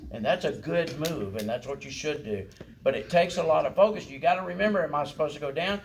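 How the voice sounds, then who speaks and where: Brisk and a little high in pitch, a man coaches a congregational singing class, with a little hiss or hum in the audio. He encourages students in a folksy manner and keeps checking in with "right?" and "okay?".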